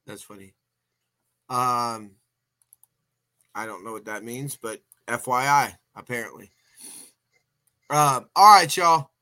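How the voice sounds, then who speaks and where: A man's voice: medium pitch, takes it slowly, long pauses, pushed and bright. A man hosting a casual sports podcast, chatty and folksy, often restarting his sentences and sounding a bit tired. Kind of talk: casual sports talk show.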